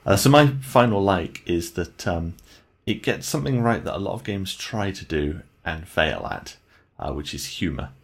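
A man's voice: sits low, big pitch swings, moderate pace, creaky, hardly any pauses, husky. A man co-hosting a podcast, rambling and amused in a casual game review chat. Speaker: podcast co-host.

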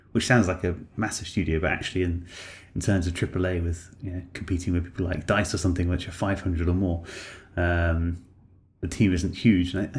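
A man's voice: low voice, a little mellow. A man co-hosting a podcast, enthusiastic and thinking aloud in a casual game review chat. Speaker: podcast co-host.

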